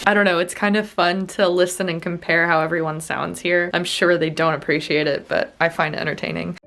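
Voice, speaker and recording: A woman's voice: on the low side, brisk. A woman with an American accent talking casually to camera as a travel vlogger, upbeat and chatty with loose fillers. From United States. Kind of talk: casual vlog chat to camera. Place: traveling around cities, indoors and on the street. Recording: handheld vlog audio with steady background noise.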